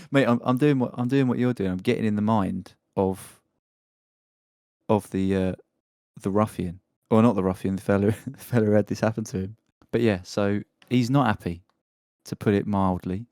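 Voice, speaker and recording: A man's voice: fairly low pitch, fairly even intonation, normal speed, a little mellow, dry recording, clean studio sound. A man hosting a casual podcast, joking and rambling while reading a news story aloud. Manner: joking, rambling, laughs often. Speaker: podcast host.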